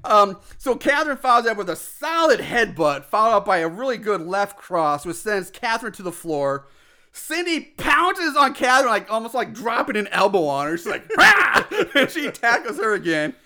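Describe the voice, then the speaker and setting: A man casually recapping a movie as a podcast co-host, excitable and profane, acting out the characters' lines. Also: high voice, normal speed. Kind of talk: casual chat.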